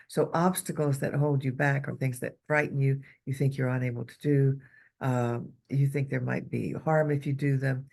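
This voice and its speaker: Female co-host, gravelly voice, thoughtful and halting, asks reflective questions. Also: rumbling low, fairly even intonation, a little mellow. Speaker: spiritual talk co-host. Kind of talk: reflective spiritual talk.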